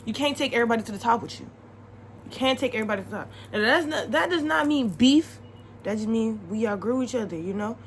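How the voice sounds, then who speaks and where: A young woman vlogging, chatting casually to the camera with advice, animated and repeating her points for emphasis. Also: on the high side, fast, a little hiss or hum, low-quality recording.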